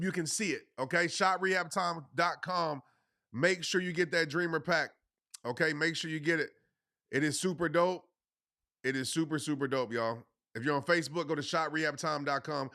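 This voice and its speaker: Creaky, bright and forceful, this high-pitched male voice drives a livestreamed motivational talk. The host is passionate and pushy, hammering phrases through repetition, and addresses everyone as "y'all" in casual slang.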